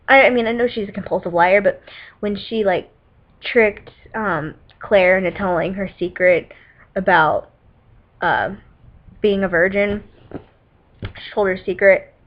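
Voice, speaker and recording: A teenage girl rambling about films she loves, in a casual vlog. She is loose and chatty, full of "like" and "um," and breaks off with little giggles. Her webcam audio sounds dull and lo-fi, at a middle pitch for a young woman. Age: teens. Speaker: vlogger reviewing movies. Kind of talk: casual rambling movie talk.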